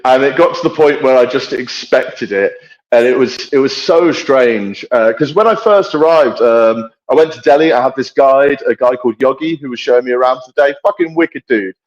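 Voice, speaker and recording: A man telling a long travel story on a podcast, blunt and full of swearing. His pitch sits in an ordinary middle range and he keeps the telling lively. He talks over a remote audio setup. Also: moderate pace, highs cut off. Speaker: podcast guest correspondent.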